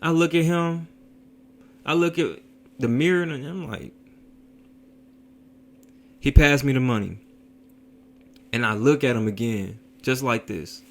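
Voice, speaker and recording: A man telling a story in a casual vlog, in a slangy, profane, animated way. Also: mid-range voice, unhurried, long pauses.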